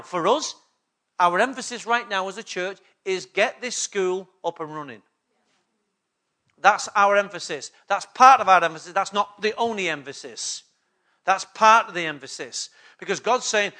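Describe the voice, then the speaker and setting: He's a pastor delivering a sermon to his church, his voice sitting high with an animated, sharp tone at a moderate pace. Emphatic and repetitive, he often checks in with the congregation through call-and-response questions.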